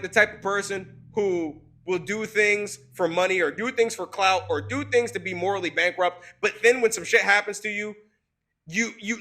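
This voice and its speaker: A man's voice: high voice, sharp tone. A man co-hosting a casual talk show, blunt and profane, often restarting and repeating himself. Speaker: podcast co-host. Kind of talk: casual chat.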